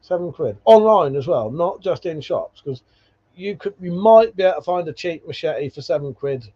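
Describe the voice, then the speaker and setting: A man reads viewer comments during a casual livestream, drifting into rambling stories full of swearing and laughing. His voice is on the high side and slightly rough, with lively intonation and a normal speed, heard through dull lo-fi stream audio.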